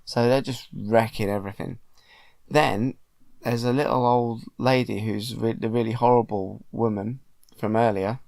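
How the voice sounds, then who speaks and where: A father casually retelling a film to his child at home, chatty and animated with many ums. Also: mid-range voice, normal speed, gravelly, dry recording. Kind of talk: casual storytelling.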